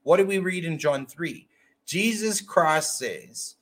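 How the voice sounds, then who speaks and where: A man's voice: a little high, slow. A man co-hosting a podcast, steadily explaining and quoting scripture in casual talk. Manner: steady, explanatory, quotes verses. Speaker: podcast co-host.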